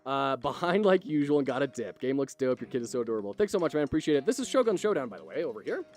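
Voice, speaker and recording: Lively, upbeat man hosting a game-dev stream. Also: medium pitch, racing, faint music behind. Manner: effusive, upbeat, thanks viewers often; self-mocking jokes. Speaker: game developer and livestream host. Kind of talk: live-stream chat and game analysis.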